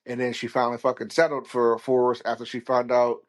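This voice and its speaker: A man's voice: medium pitch, monotone, a little fast. A man hosting a solo podcast, talking casually in a rambling, blunt and foul-mouthed way. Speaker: podcast host.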